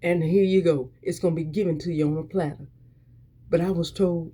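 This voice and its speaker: Speaking fairly quickly in a low, dark, slightly rough voice, a motivational speaker preaches her weekly encouragement. She is fervent and repetitive, pushing listeners forward through many restarts.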